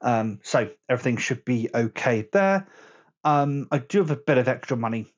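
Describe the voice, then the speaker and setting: A man's voice: mid-range voice, animated, moderate pace, highs cut off. A man vlogging about board games in casual chat to camera at home, rambling and correcting his own slips as he goes. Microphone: phone camera.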